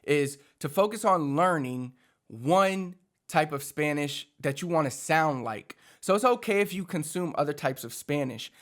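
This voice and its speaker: A man's voice: a little high, unhurried. A man from Puerto Rico, teaching in a casual, chatty way full of fillers, as a language coach. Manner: animated, chatty, many fillers like "like".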